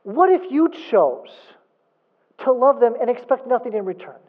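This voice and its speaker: A man's voice: extremely high pitch, big pitch swings, moderate pace. Guy preaching a sermon, keeps asking questions and hammering the point, sounds like a tinny phone line. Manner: emphatic, rhetorical questions, repeats for emphasis. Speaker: pastor.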